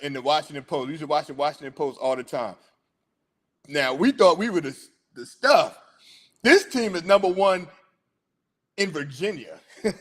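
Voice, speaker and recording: Chatty, hyped man talking sports. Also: on the high side. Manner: chatty, hyped, laughs often. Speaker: sports talk host. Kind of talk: casual sports chat.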